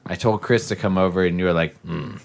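A man co-hosting a casual podcast, talking loudly and teasing his co-hosts. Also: sits low, quick pace. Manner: loud, animated and teasing. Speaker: podcast co-host.

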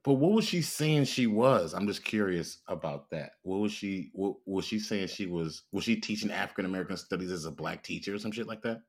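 A man's voice: sits low, animated, fairly quick, few pauses, husky. A man co-hosting a podcast, talking in a blunt, incredulous, profane way. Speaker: podcast co-host. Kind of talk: casual chat.

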